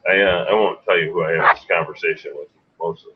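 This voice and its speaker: Talking fast in a low voice with fairly even intonation, a man co-hosts a sales talk show in a casual, emphatic style, regularly dropping in a rhetorical "right?" The recording has a dull, lo-fi quality.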